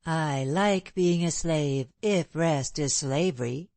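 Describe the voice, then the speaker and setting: Lazy sleepy old princess mom voiced by a lady reader, lowish voice, dry. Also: slow, a little mellow, no room sound. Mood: languid. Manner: drowsy, murmuring. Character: languid, sleepy older princess, mother. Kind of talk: audiobook character reading.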